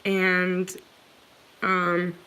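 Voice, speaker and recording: A woman's voice: on the low side, monotone, extremely slow, bright, forceful tone, smooth. A middle-aged woman speaking earnestly to her viewers about her own experience, close to tears at times. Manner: earnest, repeatedly addressing viewers as guys. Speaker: vlogger sharing personal experience. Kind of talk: emotional personal talk to camera.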